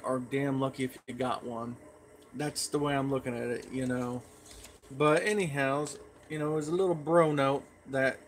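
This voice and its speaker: A man's voice: fairly high pitch, a little hiss or hum. A man chatting in a folksy, rambling way as a pipe tobacco vlogger. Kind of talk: casual rambling vlog.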